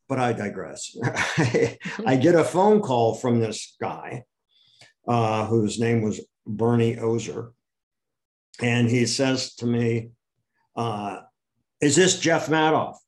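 An older man from the United States is being interviewed and tells long, winding stories. He jumps into the voices of the people he quotes, raising his pitch for the punchlines. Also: slow pace, long pauses. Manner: animated, acts out quoted people with raised pitch. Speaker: interview guest. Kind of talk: storytelling in an interview.

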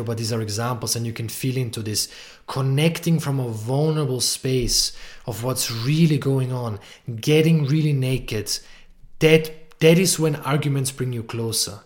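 A man hosting a podcast, giving earnest, emphatic relationship advice and repeating key lines for weight. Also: mid-range voice. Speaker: podcast host, relationship coach. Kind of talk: monologue podcast teaching.

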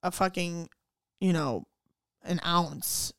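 A young woman co-hosting a casual podcast chat, relaxed and agreeable, swearing offhandedly. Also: lowish voice, takes it slowly, clean tone, no echo, clean studio sound. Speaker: podcast co-host.

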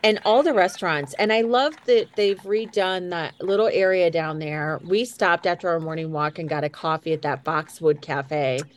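A woman's voice: fairly low pitch, normal speed, hardly any pauses. A woman from Indiana hosting a casual chat and asking a guest follow-up questions. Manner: chatty, interviewing with follow-up questions. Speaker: podcast host.

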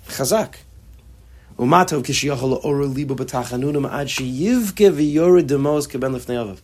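A man teaching a class on a religious text, expressive and acting out the quotes as he explains them. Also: mid-range voice, brisk. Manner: expressive, acts out quotes, mixes Hebrew terms. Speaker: Torah teacher.

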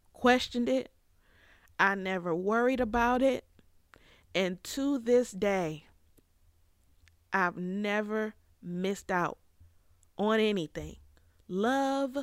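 A woman in her thirties telling a reflective personal story as a podcast host, with fillers and pauses. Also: mid-range voice, no echo, clean studio sound. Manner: reflective, tearful at times, with fillers.

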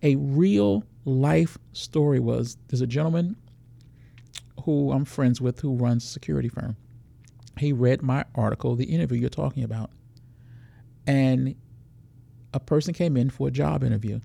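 A man's voice: mid-range voice, normal speed, creaky, long pauses, mellow, no echo. A man who is a security expert, explaining how predators work in a podcast interview, walking through scenarios.

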